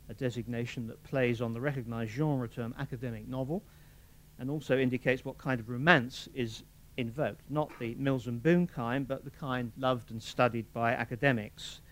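An older novelist who reads from his own work and then discusses it in a measured, dry, articulate way. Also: mid-range voice. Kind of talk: reading aloud and lecturing.

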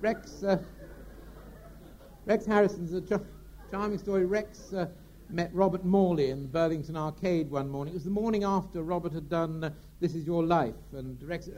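A male raconteur spins theatrical anecdotes in a chatty, halting way. His voice sits fairly high but sounds mellow and warm. He pauses often with fillers. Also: steady tone, a little hiss or hum. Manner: chatty, hesitant with many fillers. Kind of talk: anecdote telling.

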